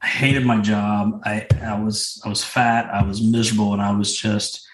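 A man, a business coach, telling stories on a podcast in a lively, casual way, swearing freely and laughing often. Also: fairly low pitch, moderate pace. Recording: roomy echo.

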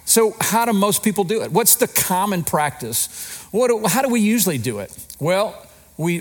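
A pastor man delivering a sermon in a relaxed, conversational way. His voice rises and falls with emphatic swings, and he keeps asking his listeners rhetorical questions. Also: a little high.

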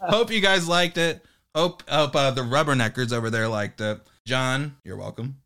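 A man's voice: mid-range voice, moderate pace, sharp tone. A young adult man hosting a podcast in casual chat, joking, swearing and laughing often. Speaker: podcast host.

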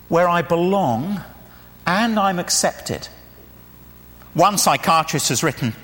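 A man's voice: high voice, a bit bright, big-room sound. A man with an English accent preaching a sermon, telling a story through rhetorical questions and acted-out quotes. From England.

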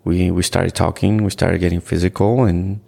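Deep gravelly man. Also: little pitch movement, warm tone. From Ecuador. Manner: earnest, halting, with repeated restarts and "like". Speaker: podcast guest. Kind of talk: candid storytelling in conversation.

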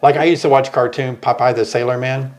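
A man with a Northern US accent that carries traces of the South, hosting a casual beekeeping chat in a playful, animated way with frequent restarts. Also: medium pitch, fairly quick. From American South. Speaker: beekeeping channel host.

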